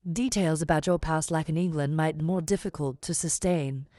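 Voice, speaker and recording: An unctuous, scheming middle-aged gentleman, as a woman reading the audiobook puts him on, measured and persuasive in every word. His voice sits low, and the recording is close and dry with no room sound. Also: no room sound, lightly acted. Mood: smooth persuasive. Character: large smooth-talking scheming middle-aged man.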